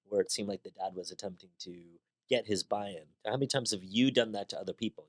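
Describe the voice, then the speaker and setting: A man's voice: fairly low pitch, expressive, fast talker, hardly any pauses. A man hosting a podcast, talking through ideas in a conversational monologue with rhetorical questions and a personal story. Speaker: podcast host. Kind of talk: reflective monologue.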